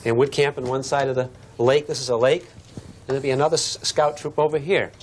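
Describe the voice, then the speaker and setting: A man's voice: medium pitch, brisk, a little hiss or hum. A man from Massachusetts teaching a physics lesson, telling stories and chatting with the class as he draws on the board. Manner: animated storyteller, acts out shouted dialogue; chatty, asks the class questions. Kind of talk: classroom lecture with demonstration.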